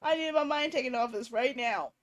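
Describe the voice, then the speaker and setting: A young woman streaming a horror game, commenting casually and reading story text aloud with animated, jokey delivery. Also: high-pitched, a little fast, dull audio.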